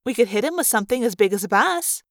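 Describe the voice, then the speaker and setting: A woman's voice: on the high side, expressive, fast talker, no echo, clean studio sound, natural voice. A woman voicing a bold, blunt teenage girl who speaks directly.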